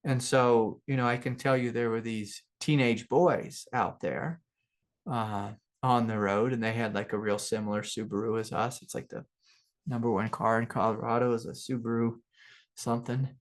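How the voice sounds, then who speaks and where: A middle-aged man with a gravelly edge to his mid-range voice talks as a spiritual teacher. He wanders through a personal story in loose, casual speech, full of fillers and soft laughs. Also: mid-range voice, steady tone, normal speed. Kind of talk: relaxed satsang talk with personal stories.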